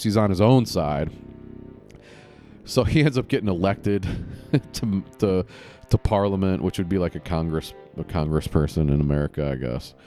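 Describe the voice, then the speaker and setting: Rambling, low-voiced podcast host. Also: male voice, a little mellow. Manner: rambling, self-correcting, chuckling. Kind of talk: casual podcast chat.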